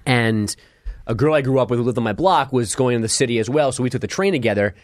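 A man's voice: mid-range voice, quick pace, no room sound. A man from New York co-hosting a casual podcast, telling a story with a dry, teasing manner. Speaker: co-host.

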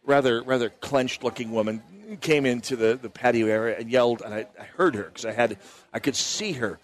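A Minnesota man hosts a live talk radio show from a booth at an outdoor fair. His voice sits at an ordinary middle pitch, and he tells stories in a chatty, rambling way, full of restarts and side remarks. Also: a little fast. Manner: chatty storytelling with frequent restarts and asides. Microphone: broadcast mic with headphones.

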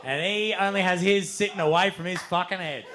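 An Australian man, a comedian, telling a live stand-up story in a loud, animated way, swearing and laughing as he goes. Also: high voice, fairly quick, a little hiss or hum. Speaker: comedian and podcast host. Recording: live stage recording.

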